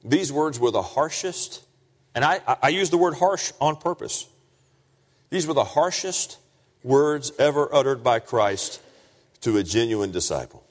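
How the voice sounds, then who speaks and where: A man preaches a sermon, his voice swinging widely between low, hushed stretches and loud, high-pitched emphasis. The sound carries the long reverb of a large hall. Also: lively intonation, unhurried.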